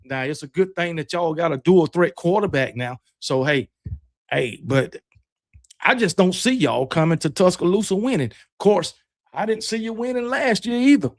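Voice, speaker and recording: High-voiced Southern man ranting casually. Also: expressive, normal speed, no echo, studio quality. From Alabama, US. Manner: loose, rambling, trash-talking with frequent "man" and "y'all". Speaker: host of a fan livestream show. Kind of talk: casual livestream chat, reading super chats.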